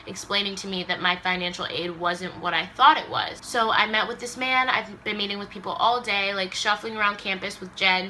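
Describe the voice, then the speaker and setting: A woman's voice: medium pitch, pushed and bright, slight background noise. A young woman from Los Angeles telling an emotional story in a casual vlog, saying "like" a lot and acting out the people she quotes. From Los Angeles area, US. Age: young adult. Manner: emotional retelling, acts out quoted voices, says "like" a lot. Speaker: vlogger.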